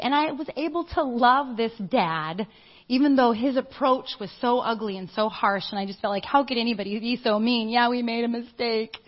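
Middle-aged woman preaching, lively storytelling, kinda dull lo-fi sound. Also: medium pitch. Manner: animated storytelling, acts out quoted voices. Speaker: church speaker. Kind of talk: sermon with personal story. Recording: dull lo-fi audio.

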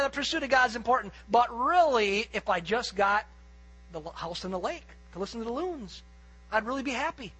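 Male pastor, very high, bright and slightly husky voice, sermon delivery, emphatic rises and quiet asides. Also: low-quality recording. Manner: earnest and emphatic, swinging between loud peaks and quiet asides.

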